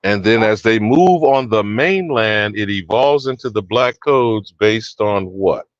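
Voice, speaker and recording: A man's voice: on the low side, animated, measured pace, no echo, highs cut off. A man hosting a history discussion panel, lecturing emphatically and asking others to confirm.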